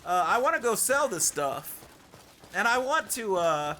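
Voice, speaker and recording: A man livestreaming a game, chatty and excitable, talking to his chat as he plays. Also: very high voice, normal speed, pauses often, a little hiss or hum. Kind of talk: live game commentary.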